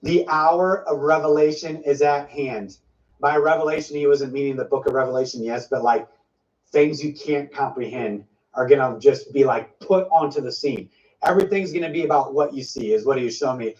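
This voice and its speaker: A man's voice: medium pitch, a little fast, a little mellow. Emphatic man preaching from a distance. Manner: emphatic, piles up repeated phrases. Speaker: preacher sharing a prophetic word. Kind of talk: informal prophetic teaching. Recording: dull, slightly distant lo-fi sound.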